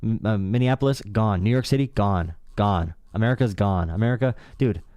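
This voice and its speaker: A man's voice: fairly low pitch, a little fast, darkish tone, no echo. A young man hosting a casual political call-in stream, sarcastic and mocking. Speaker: livestream talk show host.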